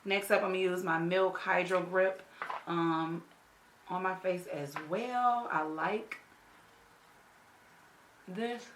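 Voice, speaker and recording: A woman in her thirties, with a slightly low voice and a roomy echo around her, tells a story as she does her makeup. Her delivery is emphatic and slangy, and she keeps punching lines with "okay?". The recording sounds like a room at home. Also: takes it slowly, pauses often, a little hiss or hum. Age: 30s. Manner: blunt, salty slang and swearing. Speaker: beauty vlogger. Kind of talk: storytime chat while doing makeup.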